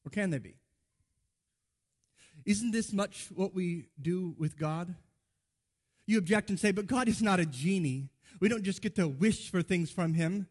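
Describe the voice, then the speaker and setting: Man, preacher, sermon, high voice, conversational storytelling, echoing church hall. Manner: conversational storytelling, acts out dialogue. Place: church sanctuary.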